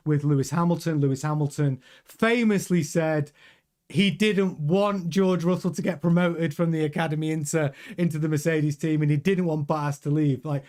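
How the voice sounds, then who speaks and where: A man hosting a casual news commentary show, chatty and rambling with many restarts and fillers. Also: a little high.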